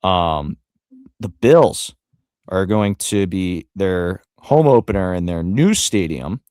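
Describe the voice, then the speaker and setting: A man's voice: sits low, expressive, slow, darkish tone, no room sound, studio quality. A man co-hosting a sports podcast, rambling casually with frequent fillers and the odd curse. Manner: rambling, profane, trails off with fillers. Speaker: podcast co-host.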